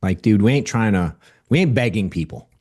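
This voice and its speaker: A man's voice: on the low side, expressive, a little fast, darkish tone. A man hosting a podcast interview, blunt and profane, with slangy, casual talk. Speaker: podcast host, sales coach.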